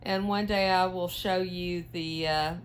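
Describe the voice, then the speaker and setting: A tired woman with a twang chats while she knits. She talks slowly and easily, with lots of "uh"s, and keeps asking her viewers questions. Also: on the low side, steady tone, slight background noise. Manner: chatty, many fillers, asks viewers questions. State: yawning, tired. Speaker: knitting vlogger. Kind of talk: casual chat while knitting.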